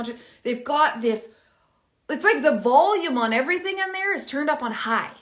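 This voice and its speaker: Middle-aged woman, parenting coach, slightly high voice, chatty, animated, talks things through aloud. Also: normal speed. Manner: animated, chatty, thinks out loud. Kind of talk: casual direct-to-camera advice.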